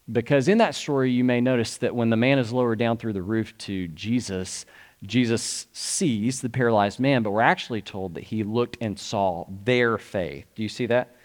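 A man's voice: mid-range voice, moderate pace. A man, a pastor preaching a sermon in an earnest, conversational way and asking his listeners questions.

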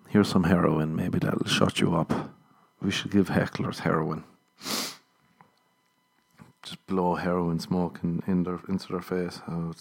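A man's voice: low voice, a little mellow. A man, a stand-up comedian, ranting in a casual, profane and exasperated way.

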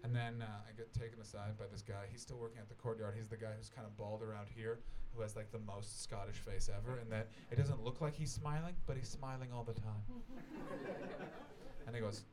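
A man's voice: lowish voice, brisk, noisy background. A Canadian man doing stand-up comedy in a small festival venue, telling a long rambling, self-deprecating story full of swearing and acted-out voices. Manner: rambling, self-deprecating, swears freely, acts out voices of the people in his stories. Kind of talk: stand-up storytelling to a live audience.

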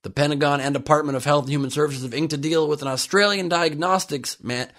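A man's voice: a little high, fast talker, a bit bright. A man hosting a podcast, delivering a comedic news monologue in a sarcastic, jokey manner. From United States. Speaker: podcast host.

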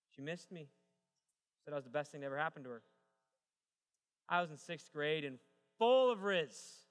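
A man's voice: a little high, expressive, moderate pace, long pauses, clean tone, soft background music. A young adult man preaching a sermon as pastor, moving from joking storytelling to emphatic preaching. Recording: long reverb of a large hall.

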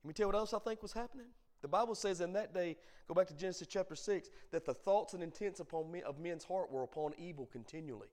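Pastor guy preaching at bible study, bit high voice, lilt, goes quiet then really loud. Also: fast talker, hardly any pauses. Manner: swings from hushed asides to loud emphatic preaching. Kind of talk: sermon.

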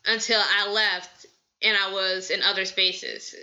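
An energetic, bubbly woman from the American South, hosting a podcast with casual, chatty advice. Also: mid-range voice, takes it slowly, lo-fi sound. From Southern United States. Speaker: podcast host.

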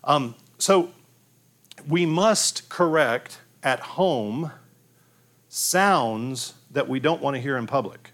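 A man's voice: medium pitch, lively intonation, slow pace, a bit bright. A man preaching a conversational sermon on raising children, often restarting his sentences and acting out the cries of children. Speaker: pastor.

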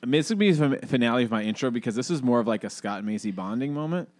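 A man co-hosting a casual talk show, rambling and animated, full of fillers and restarts. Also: medium pitch, rapid-fire, no echo. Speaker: podcast co-host. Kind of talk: casual conversation, reading aloud from a book.

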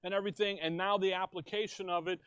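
Middle-aged guy preaching, high voice, dry close sound, slow and deliberate. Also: steady tone, a bit bright, smooth, no room sound. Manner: slow, emphatic teaching with questions to the congregation; tells jokes with quoted voices. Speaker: pastor. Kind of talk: sermon.

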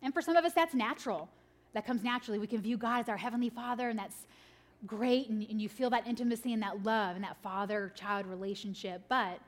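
A medium-pitched woman preaches to an audience of mothers, moving back and forth between animated, laughing anecdotes and quiet, earnest reflections.

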